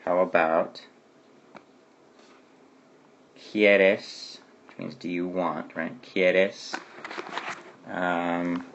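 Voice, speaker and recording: A man's voice: sits low, level tone, drawn-out words, muffled recording, background noise. A man teaching a Spanish grammar lesson who explains patiently and keeps asking "okay?" to check understanding.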